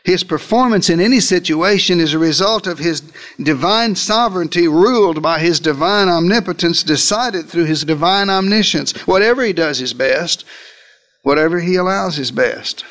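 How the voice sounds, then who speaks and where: Male preacher, high voice, dramatic pulpit delivery with slowed quoted lines. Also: a bit bright. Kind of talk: sermon.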